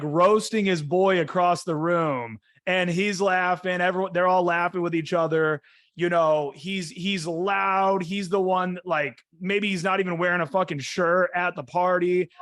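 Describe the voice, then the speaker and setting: A man's voice: sits high, a bit bright. A young adult man hosting a casual podcast, talking bluntly and emphatically with lots of swearing. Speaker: host.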